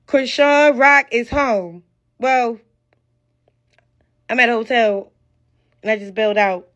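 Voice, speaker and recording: High-voiced rambling woman on a lo-fi live stream. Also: slow pace, pauses often. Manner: rambling, excitable, slangy, loses her train of thought. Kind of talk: casual live stream talk.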